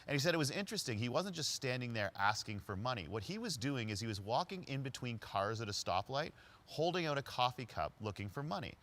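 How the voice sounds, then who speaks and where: A man giving a storytelling talk as a leadership speaker, narrating conversationally and quickly. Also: medium pitch. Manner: conversational, quick narration with lively quoted voices.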